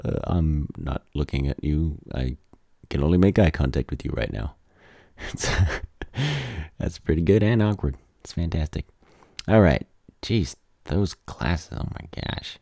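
A man rambling casually as he reacts to movie trailers, halting and self-deprecating, his voice tired from talking all day. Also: very deep voice, mellow, dry recording, studio quality.

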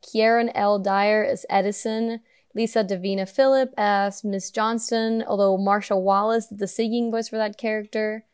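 A woman's voice: medium pitch, steady tone, normal speed, a little mellow, smooth. A young woman co-hosting a podcast in casual chat, laughing often and swearing offhandedly. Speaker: podcast co-host.

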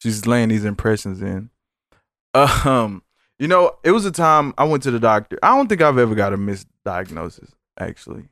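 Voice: medium pitch, moderate pace, no echo, clean studio sound. A podcast host in casual comedic banter, asking questions and riffing on the story in slangy talk. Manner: animated, slangy, asks questions and riffs in put-on voices.

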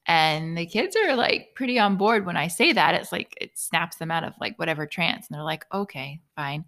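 A woman in her thirties chatting casually as a podcast co-host, telling family stories with lively laughter and acted-out quotes. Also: on the low side, normal speed, hardly any pauses. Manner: animated storyteller, laughs often, acts out quotes. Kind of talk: casual chat.

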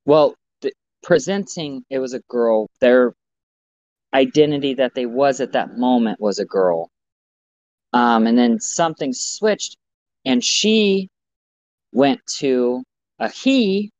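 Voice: mid-range voice, lively intonation, slow pace, darkish tone, no echo. A podcast co-host in casual chat, giving blunt, profane, rambling opinions, recorded with slightly muffled audio.

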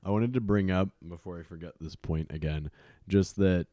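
A man's voice: deep voice, normal speed, dry recording, studio quality. A man from Texas talking casually and thoughtfully in a book discussion. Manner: relaxed, thoughtful, filler-heavy.

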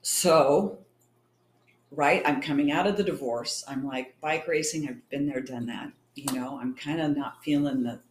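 A woman's voice: a bass voice, unhurried, slight background noise. A middle-aged woman from California, a champion cyclist and triathlete, chatting as an interview guest and acting out the dialogue in her stories. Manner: chatty, acts out quoted dialogue. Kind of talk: casual storytelling interview. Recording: roomy echo.

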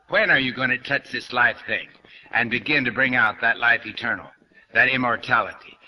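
Blunt older man lecturing, bright tone. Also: medium pitch, low-quality recording. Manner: blunt, questioning, speaks straight to listeners. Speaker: New Thought lecturer. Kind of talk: spiritual lecture to an audience.

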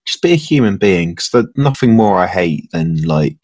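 A man's voice: deep voice, animated, moderate pace, a little mellow, no room sound. A man in casual podcast chat, rambling earnestly and often correcting himself. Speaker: podcast guest, hiring client.

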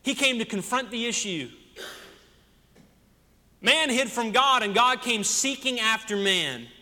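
In a church sanctuary with long hall reverb, a senior pastor preaches his sermon and fires one rhetorical question after another at the congregation. His voice is very high, expressive, pushed and bright, and he takes his time.

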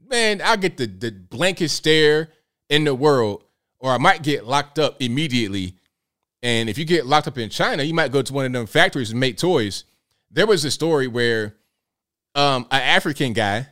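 A man's voice: a little high, fairly bright tone. A man hosting a live show, talking in a casual, blunt, rambling way and riffing with rhetorical questions. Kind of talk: casual livestream commentary.

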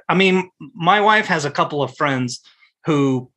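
A middle-aged man hosting a podcast in loose, swearing, animated chat. His voice sits a bit high and rings bright and forceful. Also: measured pace. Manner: profane, animated storyteller. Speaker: podcast host.

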